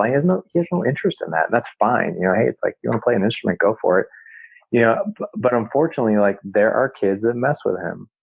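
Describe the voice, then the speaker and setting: A man's voice: on the low side, no echo, highs cut off. A middle-aged man, a podcast host, telling a personal story in a loose, chatty way with plenty of fillers. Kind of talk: casual storytelling.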